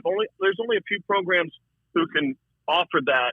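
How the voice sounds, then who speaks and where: A man talking about college football as a broadcaster guest, in a casual, animated way, often repeating words. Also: normal speed, no echo. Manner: animated, repeats words, shifts pitch a lot. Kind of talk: casual sports talk. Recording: dry, thin phone-line sound.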